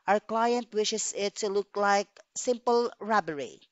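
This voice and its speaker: Cold crook guy giving orders, read out by a woman teacher, flat dull sound. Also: medium pitch, measured pace, no room sound, lightly acted. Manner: read aloud from a script. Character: cold male criminal giving murder orders. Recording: dull dry recording.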